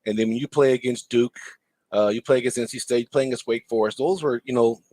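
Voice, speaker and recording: A man's voice: medium pitch, fast talker, no echo. A man telling basketball stories in casual podcast chat, acting out the lines of the people in them. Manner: animated storyteller acting out quotes. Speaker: guest, former player and broadcaster.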